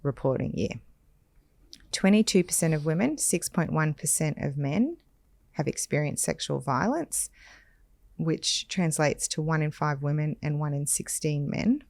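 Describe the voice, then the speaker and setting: A woman, hosting a podcast and reading out statistics in a measured, firm way. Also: low-pitched, expressive, vocal fry, darkish tone, dry recording. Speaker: podcast host. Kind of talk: conversational podcast discussion.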